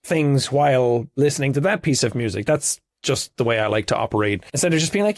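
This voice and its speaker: A man's voice: medium pitch, animated, a little fast, no room sound, clean studio sound. An Irish man in his thirties, a guest in a casual interview, talking openly and thoughtfully at length. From Ireland. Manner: reflective, talks openly and at length.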